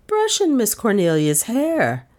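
A woman's voice: fairly high pitch, huge pitch swings, a little slow, darkish tone, pitched above the performer's own voice. A woman voicing a pert, eager maid with an ironic edge.

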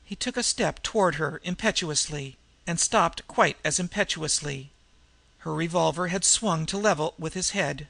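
A man reading a novel aloud as an audiobook narrator, measured, lightly voicing the dialogue. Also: a little high, creaky, sharp tone, no echo. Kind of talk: scripted narration.

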